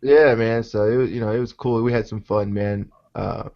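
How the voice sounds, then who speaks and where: Man, casual show host, relaxed, profane, lo-fi muffled audio. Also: lowish voice, normal speed. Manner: laid-back, profane, peppers talk with "man". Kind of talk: casual live-show chat.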